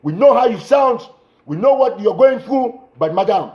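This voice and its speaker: A man urgently addressing his audience in an impassioned livestream appeal, repeating himself and breaking into shouts, speaking into a phone. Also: very high voice, expressive, normal speed. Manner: urgent, repetitive exhortations, bursts of shouting. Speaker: political commentator.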